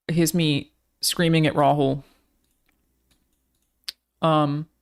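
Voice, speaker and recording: A woman's voice: deep voice, clear, resonant tone. An Australian woman streamer chatting casually with her live audience, swearing freely as she talks.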